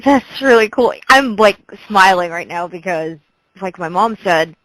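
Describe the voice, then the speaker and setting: A woman's voice: medium pitch, animated, a little slow, a bit bright, no room sound, poor audio. A woman hosting an interview, asking questions eagerly and laughing between them. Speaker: interview host.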